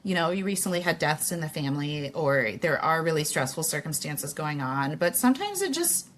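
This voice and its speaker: A woman hosting an interview podcast, talking in a frank, conversational way. Her voice sits a little lower than most women's. She thinks aloud with plenty of "like" and "you know". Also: sing-song, brisk, slight background noise. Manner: candid and chatty, many "like" and "you know" fillers. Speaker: podcast host.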